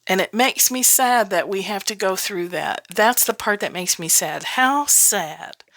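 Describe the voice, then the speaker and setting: A woman's voice: medium pitch, measured pace, a bit bright. Blunt, frank woman podcaster. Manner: blunt, frank, laughs often, swears freely. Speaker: podcast host, business coach. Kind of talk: casual solo podcast monologue.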